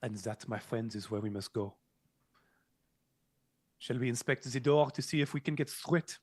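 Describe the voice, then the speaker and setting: A man's voice: mid-range voice, normal speed, a little mellow, dry recording. A man playing a tabletop game, joking and speaking his character's actions theatrically. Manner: jokey, theatrical. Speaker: player. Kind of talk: tabletop role-play chat.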